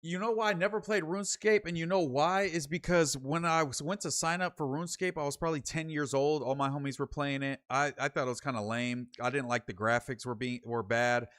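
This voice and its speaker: A man's voice: a little high, fairly even intonation, fairly quick, hardly any pauses, fairly bright tone. A young man from Sacramento hosting his own livestream, reading viewer comments and telling rambling, slangy stories full of fillers. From Sacramento, California. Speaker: streamer hosting a late show.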